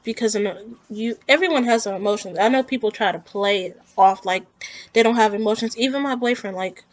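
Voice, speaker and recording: A woman speaks in a heartfelt, rambling way, circling back on her words as she talks through her own grief. Her voice sits at an ordinary middle pitch. The sound is dry and close, with no room echo. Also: brisk. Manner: earnest, rambling, emotional. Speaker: vlogger. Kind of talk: personal talk to camera about grief.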